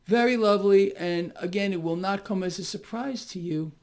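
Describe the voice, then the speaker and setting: A man's voice: high voice, moderate pace, vocal fry, few pauses. A man giving solo financial commentary in a mocking, sarcastic tone, often breaking into exclamations.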